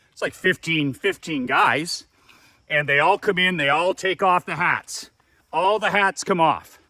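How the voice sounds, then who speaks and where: A man's voice: on the high side, slow, bright, forceful tone, no echo. A man telling a story as a business coach, emphatic and fond of repeating words for effect. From Canada. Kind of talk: casual storytelling.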